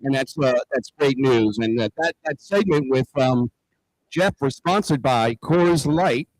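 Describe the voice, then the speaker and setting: A man's voice: medium pitch, measured pace, a little mellow, dry recording, rough recording. A man hosting a casual talk show, enthusiastic and full of fillers as he reads sponsor thanks. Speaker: show host. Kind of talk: casual chat.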